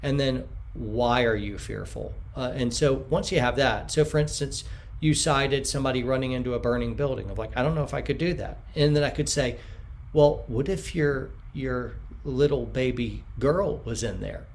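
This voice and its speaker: A man in an interview who answers at length and acts out the quotes he tells, sometimes bursting out loudly. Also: mid-range voice, normal speed. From United States. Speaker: podcast guest.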